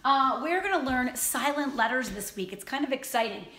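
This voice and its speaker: A woman who teaches first grade, reading a picture book aloud to her class in a slow, expressive storybook manner. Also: high voice. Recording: roomy echo, faint ambient noise.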